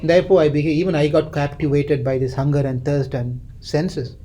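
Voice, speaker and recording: Man doing remorseful king, regretful, self-questioning, mellow tone. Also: on the high side, level tone, a little fast, a little hiss or hum, natural voice. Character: remorseful king blaming himself.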